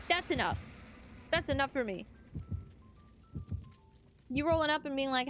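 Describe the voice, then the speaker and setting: A woman's voice: high voice, expressive, normal speed, long pauses, fairly bright tone, faint music behind. A young adult woman streamer chatting casually with her chat while gaming, laughing often.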